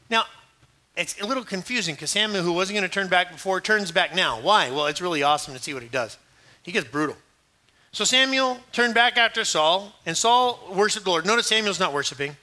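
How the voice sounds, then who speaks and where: A middle-aged man preaching a sermon, animated and acting out scripture scenes in different voices. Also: sits high, moderate pace. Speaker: pastor.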